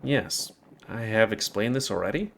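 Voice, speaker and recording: A man voicing a stern animal-person tribesman, terse, formal, blunt, low voice. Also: moderate pace, creaky, fairly bright tone, slight background noise. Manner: clipped, formal, blunt speech.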